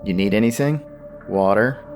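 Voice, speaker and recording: A steady, reassuring defense lawyer, voiced by a man in a tabletop game, talking with measured calm. His voice sits somewhat low, and faint music plays underneath. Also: natural voice.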